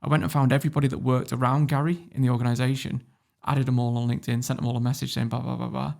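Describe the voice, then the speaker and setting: A man from Warrington with a northern English accent, telling stories as a podcast guest in a casual, animated way, swearing freely. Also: mid-range voice, rapid-fire, creaky. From Warrington, England. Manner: animated storyteller, swears freely, laughs often. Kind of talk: casual interview storytelling.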